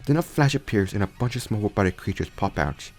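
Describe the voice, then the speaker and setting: A man's voice: lowish voice, lively intonation, fast, a little mellow, faint music behind. A young man casually retelling a fan story, rambling with frequent restarts and self-corrections.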